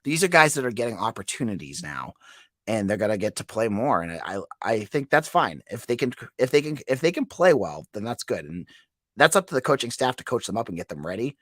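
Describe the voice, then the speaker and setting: A man's voice: on the low side, sing-song, fairly quick, fairly bright tone, dry recording, studio quality. A man hosting a casual sports podcast with a head cold and a froggy voice, chatty and given to restarts and tag questions. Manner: chatty, repeats words, asks "right?". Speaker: podcast host.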